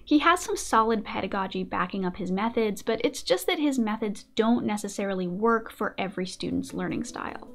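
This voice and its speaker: A young adult woman hosting a casual commentary video, playful and animated, often laughing. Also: medium pitch, fairly quick, gravelly, few pauses. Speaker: video essayist host.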